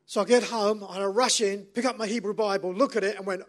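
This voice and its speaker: A middle-aged man, preaching a sermon as an animated, self-mocking storyteller. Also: high voice, fairly quick, hardly any pauses.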